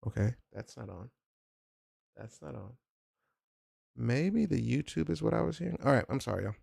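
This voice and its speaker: A man's voice: medium pitch, lively intonation, moderate pace, gravelly, darkish tone. A man streaming his digital drawing, chatting casually and joking with his viewers. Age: adult with a son. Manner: chatty, joking, talks to chat directly. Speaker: digital art livestreamer. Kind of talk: casual livestream chat while drawing.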